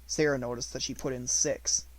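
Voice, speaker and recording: A man reading an unabridged audiobook in a measured storytelling manner, slowing on descriptive words. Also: mid-range voice, fairly even intonation. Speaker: audiobook reader.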